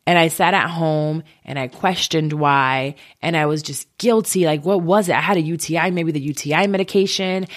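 A woman in her thirties candidly telling a personal story, halting and emotional as she recounts it. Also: low-pitched. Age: 30s.

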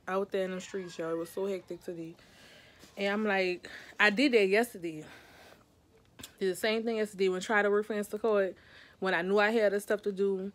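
A woman, chatting casually to her viewers from bed. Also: mid-range voice. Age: 30s. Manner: chatty, relaxed, addresses viewers as y'all. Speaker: vlogger mom. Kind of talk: casual vlog talk to camera. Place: at home in bed.

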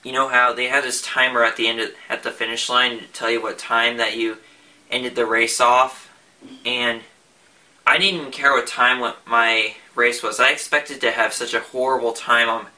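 A young man vlogs casually in a medium-pitched, bright, forceful voice with a level tone at normal speed, a bit far from the mic. He rambles, often restarting and using fillers.

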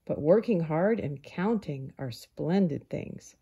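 A woman voicing a carefree male grasshopper musician, easygoing and gently pleading. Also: deep voice, expressive, slow pace, vocal fry, slightly rough, lo-fi sound, full character voice. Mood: cheerful.

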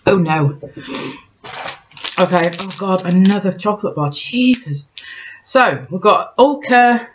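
A woman's voice: mid-range voice, sing-song, a little slow. A woman vlogger in casual chat, thinking aloud and joking at herself as she tastes snacks. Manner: chatty, self-mocking, thinks aloud while tasting.

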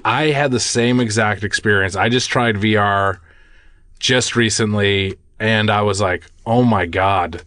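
A man's voice: fairly low pitch, unhurried, no room sound, studio quality. A man co-hosting a casual podcast chat, joking and stumbling over his words. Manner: animated, joking, stumbles and laughs. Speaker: podcast co-host.

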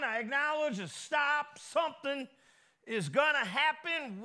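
A man preaching a sermon as pastor, folksy and lively, with call-and-response asides to the congregation and a Midwestern American accent. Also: very high voice, a little slow.

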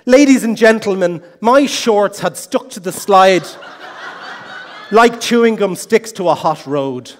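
Man, middle-aged, comic contest speech, self-mocking storytelling, high voice, long hall reverb. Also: lively intonation, unhurried, slight background noise. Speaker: contest speaker. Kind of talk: humorous competition speech. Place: large hall.

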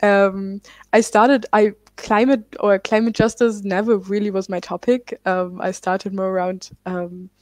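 A young woman from Germany in her twenties speaks on a panel about her activism. Her delivery is loose and easygoing, full of fillers and quick self-corrections. Her voice sits at a middle pitch and sounds close and dry, with no room around it. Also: flat delivery, no echo. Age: 20s. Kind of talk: panel talk.

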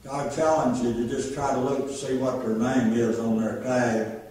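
A man's voice: mid-range voice, flat delivery, normal speed, darkish tone, distant mic. Older man preaching in echoey church. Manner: folksy, storytelling, plainspoken. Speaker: lay preacher. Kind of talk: informal sermon. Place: church sanctuary.

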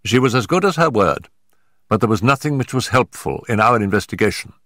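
An older man reading a story aloud in a measured, grave storytelling manner, recorded on a close studio mic. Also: medium pitch, animated, fairly bright tone, dry recording. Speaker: audiobook narrator. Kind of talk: scripted narration.

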